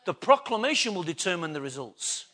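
A man's voice: high-pitched, very animated, a little fast, sharp tone. A man preaching a sermon, emphatic and full of rhetorical questions to the congregation.

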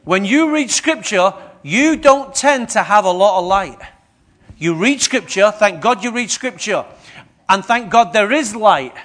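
A man's voice: high-pitched, animated, unhurried, a bit bright. A man preaching a sermon, questioning his congregation as he goes.

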